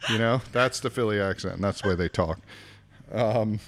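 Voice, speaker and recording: A man with a fairly low voice, talking loosely as a podcast co-host. He rambles, backtracks and restarts while he recommends shows in relaxed chat. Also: moderate pace. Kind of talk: casual chat.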